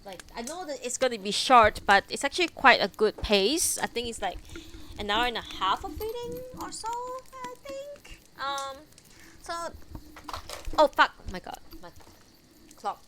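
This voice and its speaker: A woman's voice: sits high, very animated, measured pace, noisy background. Giggly young woman chatting with viewers. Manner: giggly, chatty, talks back to chat. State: teary after crying. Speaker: live streamer reading books to chat. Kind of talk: casual chat between readings.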